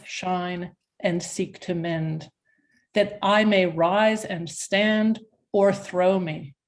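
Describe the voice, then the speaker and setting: A woman reads a poem aloud over a video call for her class. She takes it slowly and gives every line plenty of expression. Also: on the low side. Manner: slow, expressive recitation. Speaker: class participant. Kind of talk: slow dramatic poetry reading.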